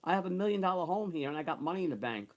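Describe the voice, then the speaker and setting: A man's voice: a little high, lively intonation, racing, darkish tone. A man in his sixties ranting angrily and repetitively, cursing often and repeating himself as he tells a grievance. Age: 60s. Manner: heated, repetitive, profane ranting. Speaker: online streamer. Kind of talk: angry ranting monologue.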